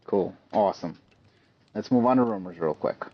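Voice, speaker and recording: A man hosting a casual podcast chat, relaxed, reading out news in an easy way. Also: on the low side, normal speed, very noisy. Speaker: podcast host. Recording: dull lo-fi podcast audio.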